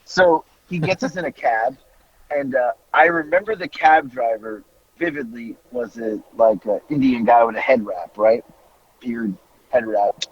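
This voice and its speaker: A man, a podcast host telling a story in a casual, animated way, laughing and swearing freely. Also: medium pitch, a little slow, breathy edge, muffled recording.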